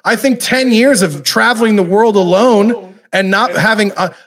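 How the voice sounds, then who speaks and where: A man's voice: sits high, normal speed, fairly bright tone. A man in a heated, profane argument, confronting the other speaker head-on.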